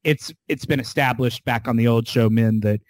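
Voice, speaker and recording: A man in easy podcast chat recaps an episode in an animated, storytelling way with casual swearing. His voice sits at a middle pitch. The room is dry and close, with no echo. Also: normal speed. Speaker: podcast co-host.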